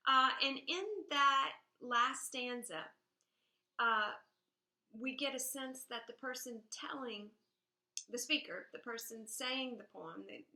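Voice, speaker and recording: Woman teacher, higher bright voice, lecturing in an echoey room, checks in with "all right?". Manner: reads poetry aloud with expressive emphasis. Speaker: high school English teacher. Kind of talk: recorded classroom lecture.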